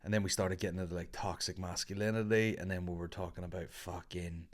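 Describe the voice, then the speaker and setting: A man's voice: low-pitched, steady tone, quick pace. A man, a comedian, rambling and swearing through a casual podcast monologue. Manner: rambling, sweary, laid-back.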